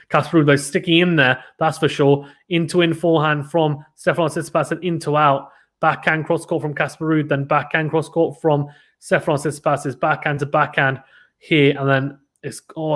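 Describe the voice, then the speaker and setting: A man's voice: a little high, fairly bright tone. A man commentating a live tennis watchalong stream, chatting casually and reading out viewer comments between points.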